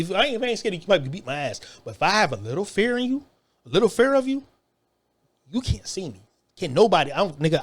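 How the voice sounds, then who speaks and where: A man in his thirties telling a story in a casual, profane way, animated and full of repeats and restarts. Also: high-pitched.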